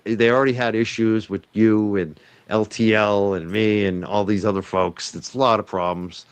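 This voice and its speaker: Male stream guest, low voice, matter-of-fact, taunting. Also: steady tone, normal speed, clear, resonant tone, no echo. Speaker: guest commentator. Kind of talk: casual stream talk.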